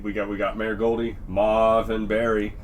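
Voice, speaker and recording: A man's voice: fairly low pitch, flat delivery, moderate pace. A man hosting a podcast in casual chat, rambling and swearing, often laughing, with faint noise behind him. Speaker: podcast host.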